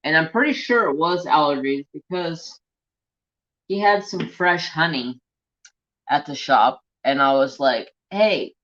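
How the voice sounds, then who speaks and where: A man's voice: a little high, expressive, unhurried, sharp tone. Chatty American man on a lo-fi stream. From United States. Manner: chatty storyteller, reads viewer comments aloud. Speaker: crafting channel host. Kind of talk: casual live-stream chat. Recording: dull lo-fi sound.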